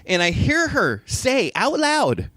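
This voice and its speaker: Animated, foul-mouthed man telling stories. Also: very high voice, slow pace, dry recording, clean studio sound. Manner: animated storyteller, heavy swearing, acts out quotes. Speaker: podcast co-host. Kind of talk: casual chat.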